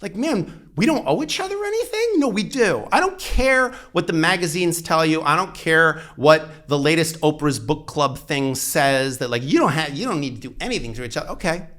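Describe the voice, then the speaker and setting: A man's voice: fairly high pitch, expressive, normal speed, hardly any pauses, a bit bright. A man, a divorce lawyer, talking as a podcast guest, emphatic and full of "like", acting out the back-and-forth of an anecdote. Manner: emphatic, lots of "like", acts out quoted dialogue. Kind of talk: animated conversational storytelling.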